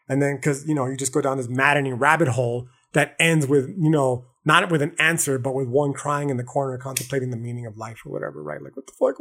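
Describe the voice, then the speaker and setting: A man hosting a podcast, lecturing on philosophy in a profane, slangy, animated monologue. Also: on the high side. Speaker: podcast host.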